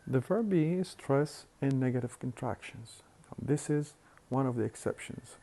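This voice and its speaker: A man lecturing on phonetics, explaining slowly and deliberately with hesitant fillers and repeated words. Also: medium pitch, lively intonation, mellow. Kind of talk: recorded university lecture.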